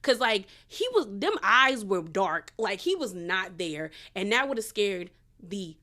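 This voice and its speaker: Woman doing a casual tv recap, slangy and chatty, mid pitch, tells it like gossip with a friend. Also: a little slow. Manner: chatty, colloquial, animated storytelling with slang. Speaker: reality TV recap host. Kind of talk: casual episode review.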